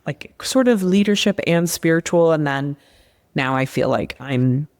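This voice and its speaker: A woman's voice: low-pitched, expressive, unhurried, darkish tone. A young adult woman, a leadership coach, talking candidly and upbeat in a casual conversation.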